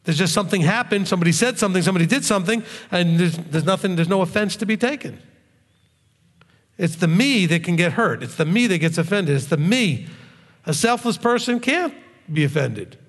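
A man's voice: high-pitched, animated, fairly quick. A man preaching a sermon to his congregation as their rabbi, talking conversationally and often checking in with "okay?". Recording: long reverb of a hall.

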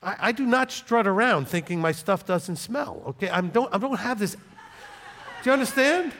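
Blunt, lively-voiced male preacher. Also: high-pitched, moderate pace, a little hiss or hum. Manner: blunt, combative, conversational. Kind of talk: informal Bible teaching. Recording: long reverb.

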